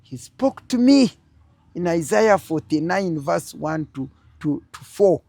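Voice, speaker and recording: A woman's voice: fairly low pitch, lively intonation, slow, mellow, no echo. An older woman with a Ugandan accent, telling a political story as an interview guest with strong, emphatic feeling.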